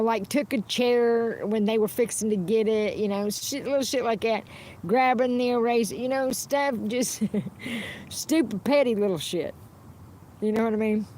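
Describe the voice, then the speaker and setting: A woman livestreams an unscripted, rambling monologue, blunt and profane, often restarting her sentences. Her voice is a little high with a darkish tone, and there's slight background noise.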